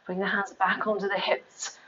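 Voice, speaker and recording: A woman's voice: mid-range voice, little pitch movement, normal speed, pushed and bright, a little hiss or hum. Woman teaching pilates, bit out of breath, counts down reps, dull lo-fi camera sound. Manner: encouraging, counts reps aloud, chatty asides. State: slightly out of breath. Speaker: pilates instructor. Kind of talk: live workout instruction. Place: home room with exercise mat.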